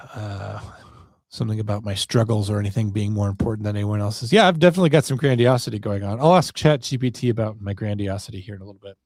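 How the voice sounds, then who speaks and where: A man's voice: on the low side, fast talker, a little mellow, no room sound, studio quality. A man hosting a solo podcast, rambling in a wry, self-deprecating way. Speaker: podcast host.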